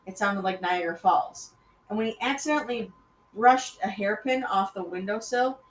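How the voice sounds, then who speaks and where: A woman reading a children's story aloud, expressive, addressing young listeners. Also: medium pitch. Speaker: reader. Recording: roomy echoey room, faint background noise.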